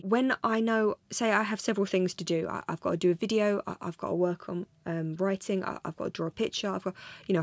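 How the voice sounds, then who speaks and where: A woman's voice: lowish voice, creaky, no room sound. A woman in her twenties, talking alone in a room in a rambling, self-deprecating vlog monologue. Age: 20s. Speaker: vlogger.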